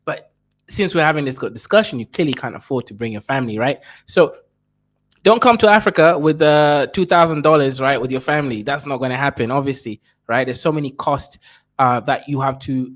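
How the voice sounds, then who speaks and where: A man's voice: medium pitch, a little fast, a bit bright. A man giving blunt, crude reaction commentary who keeps tagging his points with a question.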